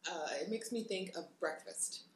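A woman co-hosting a podcast, speaking in a calm, reflective way. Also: on the low side, normal speed. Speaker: podcast co-host. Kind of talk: casual podcast chat. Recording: echoey room.

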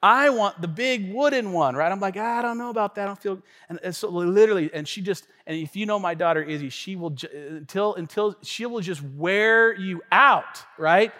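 Animated high-voiced pastor in a reverberant church. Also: male voice, moderate pace, hardly any pauses. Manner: animated storytelling, conversational asides. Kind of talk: sermon. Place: church sanctuary.

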